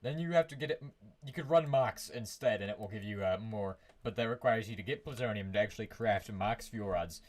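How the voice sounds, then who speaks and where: Guy streaming a game from his room, rambly, hums to himself, keeps restarting sentences. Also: medium pitch. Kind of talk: casual live gameplay commentary.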